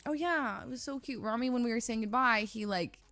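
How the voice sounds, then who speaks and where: A woman's voice: on the high side, a little fast, a bit bright, faint music behind. A young woman streamer casually telling a story to her chat, rambling with many fillers and restarts and laughing often.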